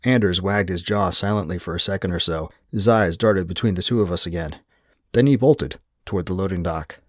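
A male audiobook narrator with a low voice tells the story in a wry, measured way. The recording is dry and close, with no room sound at all. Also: no echo. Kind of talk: scripted first-person narration.

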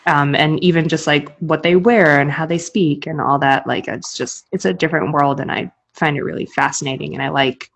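A woman's voice: sits low, fairly even intonation, a little fast, few pauses, slightly rough. A woman chatting as a podcast guest, speaking casually and saying "like" a lot. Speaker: podcast guest, interviewer of athletes.

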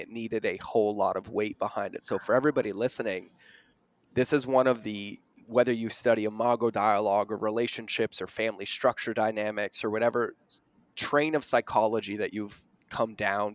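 A middle-aged man hosting an interview podcast, talking earnestly and slowing down to stress his points. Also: on the low side, no room sound. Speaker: podcast host. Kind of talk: conversational interview.

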